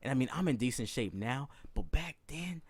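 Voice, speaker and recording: Animated young man telling a profane story. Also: medium pitch, moderate pace, noisy background. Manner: animated, profane, laughs often, acts out voices. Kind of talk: comedic storytelling.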